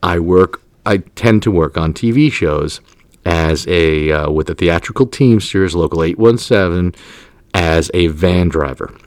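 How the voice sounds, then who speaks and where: A man with a deep voice banters through a casual comedy podcast, quick with jokes and asides. The sound is dry and close to the mic. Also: dry recording. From New Jersey. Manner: joking, animated, quick asides. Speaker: podcast host.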